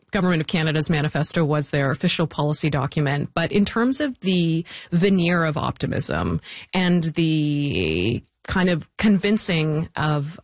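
An interview guest with a mid-range voice speaks thoughtfully and with energy, often restarting phrases and laughing briefly. The sound is close-miked and dry, with no room echo. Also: medium pitch. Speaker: interview guest, technology policy commentator. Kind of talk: conversational interview.

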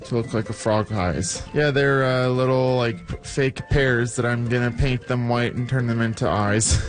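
Guy talking kinda shy and halting about his art, some music behind. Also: mid-range voice, fairly even intonation. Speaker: community center participant. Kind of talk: casual interview.

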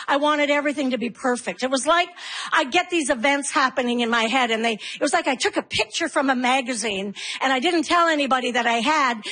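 A middle-aged woman performing a stand-up comedy routine, acting out her kids and herself in sudden high voices. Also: fairly bright tone, slight background noise.

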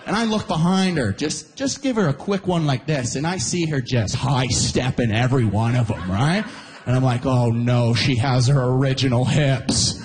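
A male stand-up comedian from Alberta telling a rambling, animated story to a live audience. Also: medium pitch, normal speed. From Alberta, Canada. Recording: echoey hall with audience noise.

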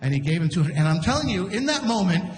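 A man hosting a live comedy show, telling a story on stage in a chatty, animated way, acting out the people in it. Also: high voice, fast talker. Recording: echoey hall from a distance.

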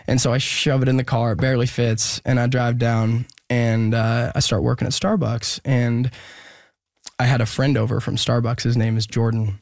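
A man's voice: medium pitch, flat delivery, creaky, no echo, studio quality. Earnest young man telling his story. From Oregon, US. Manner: earnest, hesitant, many pauses and restarts. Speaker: interview guest, musician. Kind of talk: personal storytelling in an interview.

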